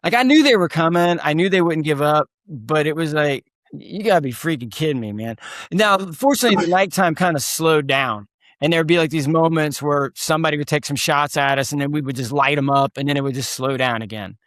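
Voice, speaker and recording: A man's voice: a little high, fairly quick, no room sound, studio quality. A man telling war stories as a podcast guest, emphatic and pushing hard on key points. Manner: emphatic, rising to near-shouts at key points. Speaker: guest, combat veteran and speaker. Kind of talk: storytelling interview talk.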